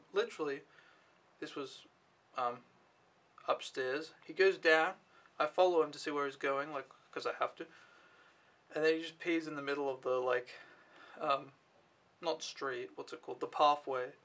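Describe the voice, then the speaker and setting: Bright-voiced young man vlogging casually. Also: fairly high pitch, normal speed, pauses often. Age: young adult. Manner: rambling, offhand, swears freely. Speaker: au pair vlogger. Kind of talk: casual vlog storytelling.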